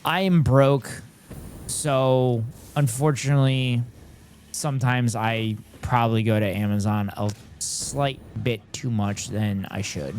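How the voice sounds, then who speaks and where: A man's voice: medium pitch, fairly even intonation, slow, darkish tone, slight background noise. Chatty male streamer in his thirties. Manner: chatty, reads chat aloud, self-deprecating. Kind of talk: casual live-stream chat.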